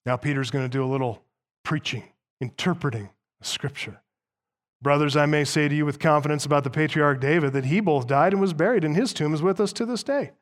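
A man preaching a sermon as pastor. He reads scripture aloud, explains it point by point, and slows down to stress key words. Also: a little high.

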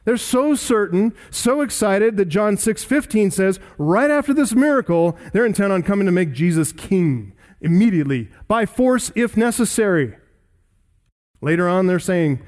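A man preaching in an earnest, teacherly manner, walking listeners through scripture verse by verse. His voice sits a little high for a man. He reads passages aloud and then unpacks them carefully. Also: big pitch swings, normal speed, darkish tone. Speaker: pastor. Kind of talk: expository sermon.

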